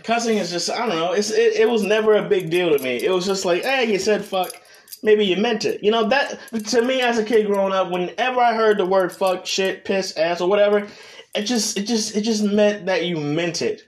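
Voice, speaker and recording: A young man with a high voice chats alone on his podcast. He rambles, restarts his sentences and swears constantly in an easy, unscripted way. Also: a little fast. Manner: rambling, heavy cursing, restarts. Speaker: podcast host. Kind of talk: solo casual chat.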